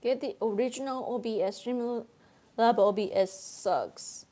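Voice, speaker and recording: A woman's voice: a little high, mellow. A woman live streaming from home on a tablet, chatting casually with viewers in a playful, giggly way. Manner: playful and giggly, quick to laugh.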